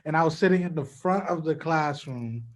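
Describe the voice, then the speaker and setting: A man's voice: on the high side, normal speed. Laid-back young man in a casual chat. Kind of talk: casual conversation.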